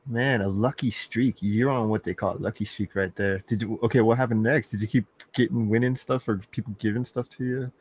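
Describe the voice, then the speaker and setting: A man's voice: on the low side, steady tone, fairly quick, few pauses, husky. A man hosting a live stream, chatting in an upbeat, chummy way with a guest and calling him "man" and "dude". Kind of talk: casual chat.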